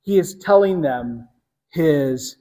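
A man preaching a sermon, teaching earnestly with slow, emphatic phrasing. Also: high-pitched, lively intonation, big-room sound. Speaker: pastor.

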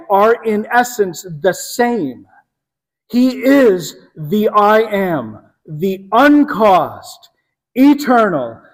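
A man preaching a sermon, teaching earnestly with slow, emphatic phrasing. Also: high voice, big-room sound. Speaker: pastor.

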